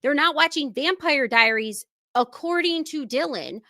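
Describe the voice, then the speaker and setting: A woman co-hosting a true-crime stream, talking excitedly in casual chat and swearing in quick bursts. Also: sits high, dry recording. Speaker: stream co-host.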